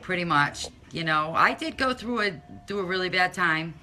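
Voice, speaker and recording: A woman chatting casually with viewers on a live stream, in a halting way with frequent restarts and trailing pauses. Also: fairly low pitch, lively intonation, sharp tone, faint music behind.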